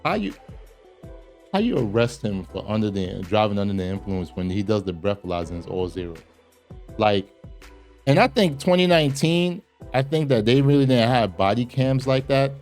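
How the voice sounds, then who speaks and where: Male commentary host, lively swinging pitch, slangy and emphatic, casual reaction talk. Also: normal speed, faint music behind.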